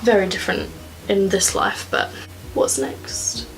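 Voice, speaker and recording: A young woman talks through her makeup at home in a loose, rambling way. Her words are scattered with "like" as she chats to the camera. Soft music plays faintly underneath. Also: medium pitch, wildly swooping pitch, a little slow, creaky, rough recording. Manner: chatty and rambling, many filler "like"s. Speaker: beauty vlogger. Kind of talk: casual get-ready-with-me chat. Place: at home, indoors.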